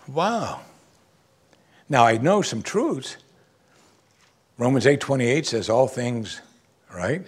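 A man preaching a sermon, swinging from quiet low asides to loud emphatic exclamations. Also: slightly rough. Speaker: pastor.

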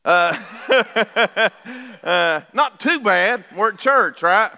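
A man's voice: high-pitched, animated, drawn-out words, pushed and bright. A middle-aged man, preaching a sermon to his church in a folksy, conversational way and asking the congregation questions as he goes. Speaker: pastor. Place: church sanctuary. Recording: reverberant church hall.

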